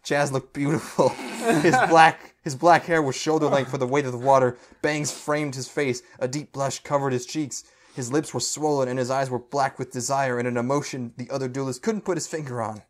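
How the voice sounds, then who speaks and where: A man's voice: medium pitch, steady tone, moderate pace, few pauses. A man podcast co-host reading fan fiction aloud for comedy, stumbling over the awkward prose and breaking into laughter.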